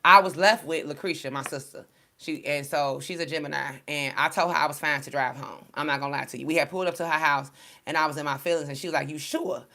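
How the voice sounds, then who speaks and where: Blunt, bright-voiced woman telling stories. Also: low-pitched, quick pace, creaky. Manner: blunt, emotional, animated storytelling with swearing. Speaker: spiritual reader. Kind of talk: casual spiritual talk.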